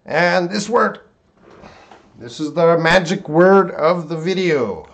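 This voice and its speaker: A male English teacher runs a live-streamed pronunciation lesson, speaking at an unhurried pace. His pitch moves in a lively way as he stretches words out and repeats them syllable by syllable. Between words he answers viewers by name. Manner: drawn-out word repetition, reading viewer names.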